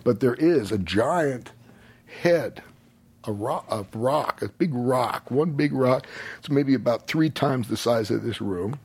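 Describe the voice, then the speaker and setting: Older guest with a breathy, husky voice, unhurried storyteller who chuckles and swears easily. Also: male voice, mid-range voice, a little mellow. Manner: laid-back, rambling, chuckling, swears freely. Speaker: podcast guest. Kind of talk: casual storytelling.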